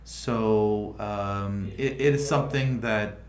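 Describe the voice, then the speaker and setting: A man's voice: on the low side, takes it slowly, reverberant, slight background noise. A man hosting a casual livestream, thinking aloud with frequent restarts as he explains how a project is going. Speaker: livestream host.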